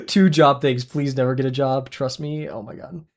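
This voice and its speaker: A young man streaming his drawing sessions, chatting casually with viewers in a rambling, excitable way and laughing often. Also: mid-range voice. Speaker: art livestreamer.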